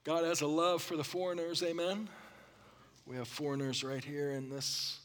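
A man's voice: fairly high pitch, fairly even intonation, normal speed, a bit bright. Man preaching in a reverberant hall. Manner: expository preaching with congregation call-and-response; frequent throat clearing. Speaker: pastor. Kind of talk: sermon.

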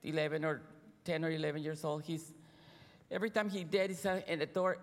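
A middle-aged woman, a Sabbath school teacher, telling earnest stories to a congregation with halting restarts. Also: low voice, fairly even intonation. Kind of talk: sermon-style storytelling. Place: church hall. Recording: long reverb in a church hall.

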